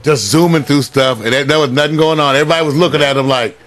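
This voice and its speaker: A man hosting a community radio show, telling stories in animated casual chat and laughing often. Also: on the high side, quick pace. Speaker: radio host.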